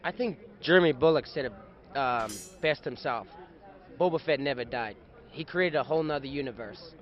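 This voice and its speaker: A young man, an actor being interviewed outdoors at a fan convention, chatting in an animated, playful way. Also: medium pitch, normal speed. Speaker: actor guest. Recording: dull lo-fi sound.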